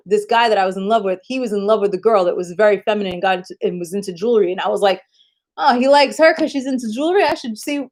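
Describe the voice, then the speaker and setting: A woman chatting on a live stream, telling animated, profane stories with frequent laughs. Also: fairly high pitch. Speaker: livestreamer. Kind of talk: casual live-stream chat and storytelling.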